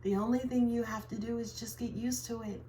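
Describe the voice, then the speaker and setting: A woman's voice: a little high, fairly even intonation, fairly quick, warm tone, a little hiss or hum. A woman giving a casual tarot reading to viewers, talking in a chatty way and often tagging her sentences with "right?". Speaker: tarot reader.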